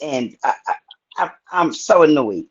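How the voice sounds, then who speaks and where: An angry woman speaking, hammering a man with pointed questions on a live stream. Her voice is husky and a little breathy. The audio sounds muffled and lo-fi. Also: sits low, lively intonation, measured pace. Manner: angry, confrontational, profane. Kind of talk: heated live-stream confrontation.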